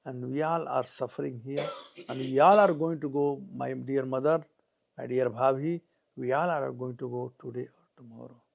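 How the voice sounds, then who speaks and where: A man's voice: mid-range voice, steady tone, moderate pace, vocal fry, a little mellow. A man voicing a grieving male pigeon who has lost his wife and chicks. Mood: resigned. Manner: resigned, lamenting.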